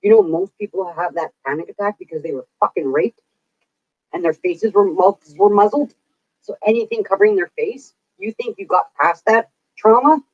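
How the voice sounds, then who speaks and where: A woman's voice: medium pitch, very animated, normal speed, no room sound. A woman vlogger venting in casual chat, swearing freely as she rants. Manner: profane, venting rant. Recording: dull, dry lo-fi recording.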